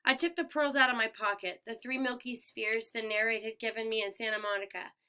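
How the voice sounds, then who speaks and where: A woman narrating a first-person audiobook in a clear, expressive storytelling manner. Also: a little high, fairly quick. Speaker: audiobook reader.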